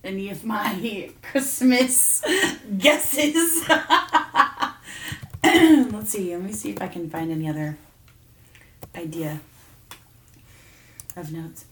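A woman co-host talking casually, encouraging her partner with quick reactions. Her voice sits at an ordinary pitch. Faint keyboard typing sounds behind her. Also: echoey room, recorded from a distance, slight background noise. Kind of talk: casual chat.

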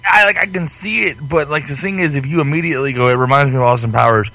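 A man's voice: on the high side, fast talker, gravelly, sharp tone, low-quality recording. A man co-hosting a casual wrestling podcast, swearing and laughing freely while he plays a video game. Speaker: podcast co-host.

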